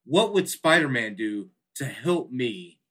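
A man speaking slowly with a bright, edgy tone, asking a silly question with a straight face. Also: mid-range voice, very animated, slightly rough. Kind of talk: casual comedic podcast banter.

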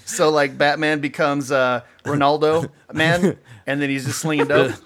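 A man's voice: fairly high pitch, steady tone, moderate pace, fairly bright tone. A man co-hosting a casual comedy podcast, riffing with profanity and frequent laughter. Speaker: podcast co-host.

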